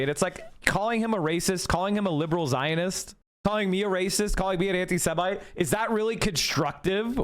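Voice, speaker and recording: Fast, argumentative high-voiced male streamer. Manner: fast, argumentative, talks straight to chat. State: losing his voice. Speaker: live streamer. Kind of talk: casual live-stream chat.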